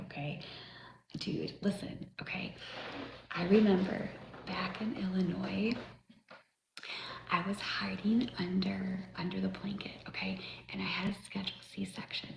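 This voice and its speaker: A middle-aged woman livestreaming, chatting and rambling as she tells a personal story, swearing freely and often dropping to a breathy near-whisper. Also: mid-range voice. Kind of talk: casual storytelling to viewers. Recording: echoey room with faint noise.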